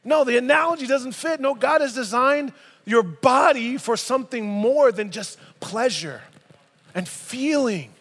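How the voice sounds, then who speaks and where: A man in his thirties, a pastor, preaches in a church sanctuary, reading scripture and adding emphatic, casual asides. He has a very high, slightly bright voice with lively intonation and an unhurried pace, and the audio has the long reverb of a large hall.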